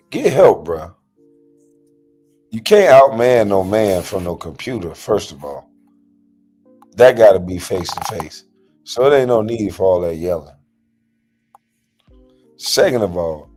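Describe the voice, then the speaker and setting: A man hosting a profane reaction rant, mocking his target and swinging between loud and mumbled talk. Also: fairly low pitch, husky. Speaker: host.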